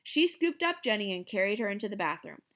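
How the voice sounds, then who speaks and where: Expressive woman reading a children's book. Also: mid-range voice, fast talker. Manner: expressive, storytelling. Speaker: reader. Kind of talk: reading a children's novel aloud.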